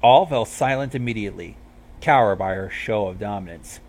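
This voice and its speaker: A man's voice: lowish voice, normal speed. A man reading a fan fiction story aloud, casual with wry asides. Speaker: reader.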